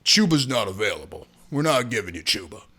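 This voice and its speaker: A man putting on the low, growly voice of a gruff, unbothered football team boss. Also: very animated, fairly quick, sharp tone, heavily acted. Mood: defiant.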